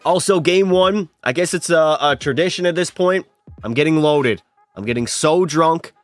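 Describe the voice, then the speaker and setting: A man's voice: a little high, normal speed, no room sound, faint music behind. A young man live-streaming a hockey video game, chatting and teasing his viewers as he plays. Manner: chatty, teasing, banters with chat.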